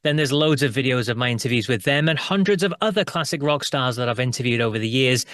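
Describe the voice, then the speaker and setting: A man's voice: medium pitch, expressive, fast talker, fairly bright tone, no room sound, clean studio sound. A man hosting a channel of interviews with rock musicians, reading links in an upbeat presenter manner. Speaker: interviewer and host. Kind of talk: scripted narration and interview.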